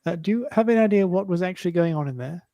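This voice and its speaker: Polite player guy, lots of uhs, kinda high but mellow voice. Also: animated, very fast, dry recording. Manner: polite, hesitant, with many fillers. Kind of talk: casual tabletop game talk.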